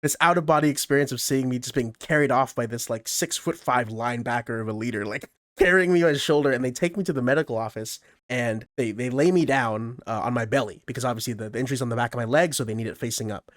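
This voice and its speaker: Animated man telling a story, dry sound. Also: medium pitch, fast, no room sound. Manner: animated, expressive storyteller with frequent swearing and laughter. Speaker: podcast co-host, camp director. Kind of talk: casual storytelling chat.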